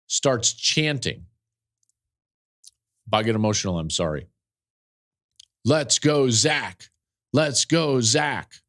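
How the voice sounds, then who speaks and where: A man hosting a podcast, telling a story in an earnest, emotional way with fillers and repeated phrases. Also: mid-range voice. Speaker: podcast host and football analyst.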